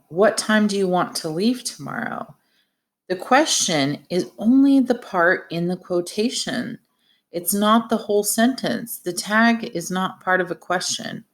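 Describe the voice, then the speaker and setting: Slow, low-voiced woman teaching grammar. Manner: patient, explains step by step with examples. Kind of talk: recorded grammar lesson.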